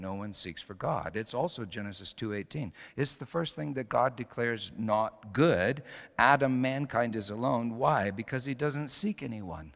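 A middle-aged man preaching a sermon with storytelling, moving between hushed passages and emphatic ones. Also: lowish voice. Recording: long hall reverb.

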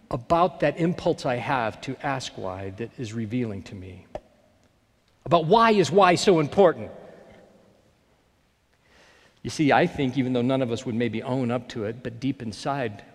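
A male pastor preaching a sermon in a reflective way, often dropping to a near-hush on key phrases. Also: medium pitch. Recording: long reverb of a large hall.

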